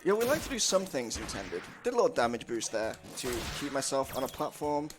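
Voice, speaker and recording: Man, speedrunner commentary, animated pitch, jokey, game music behind. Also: fairly quick. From United Kingdom. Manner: chatty, jokey, laughs often. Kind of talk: casual live commentary on a game run.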